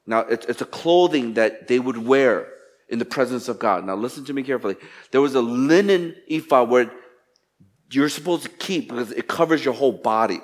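Animated male preacher. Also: medium pitch, brisk. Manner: animated, acts out quotes with sarcasm. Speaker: pastor. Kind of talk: sermon.

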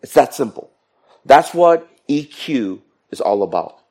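Man, middle-aged pastor, sermon, playful asides, animated, mid-pitched voice. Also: unhurried. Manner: lively, joking, playful asides to the congregation.

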